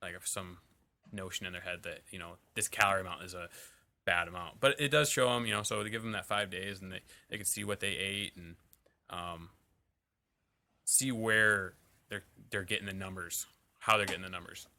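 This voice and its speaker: A man's voice: low voice, steady tone, normal speed, sharp tone. A man on a fitness podcast, talking casually about coaching clients, with lots of "like" and "you know" fillers. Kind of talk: casual chat.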